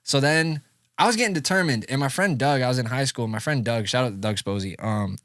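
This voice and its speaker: A man's voice: fairly quick, no room sound, clean studio sound. A man in his thirties from Syracuse, New York, a music producer telling his story in a casual podcast interview, acting out old conversations with big jumps in his voice. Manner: animated storyteller, acts out quoted dialogue with big pitch jumps. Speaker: music producer and engineer, guest.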